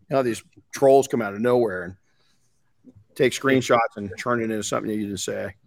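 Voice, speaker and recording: A man's voice: mid-range voice, huge pitch swings, measured pace, creaky, long pauses, no echo. A man hosting a podcast in casual chat, frank and rambling, swearing casually. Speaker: podcast host.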